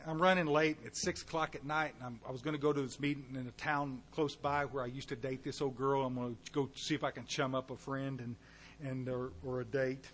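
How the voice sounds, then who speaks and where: A middle-aged man, giving a folksy personal testimony to a recovery meeting, with asides to the audience and bursts of animated volume. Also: mid-range voice, a little fast, a little hiss or hum. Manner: shifts between quiet and loud animated bursts.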